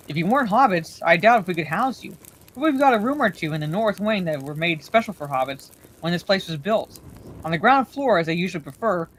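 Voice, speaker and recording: A woman voicing a fat, bustling middle-aged male innkeeper who talks on and on, hurried and forgetful, in a storybook reading. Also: on the low side, slight background noise, close to an everyday voice.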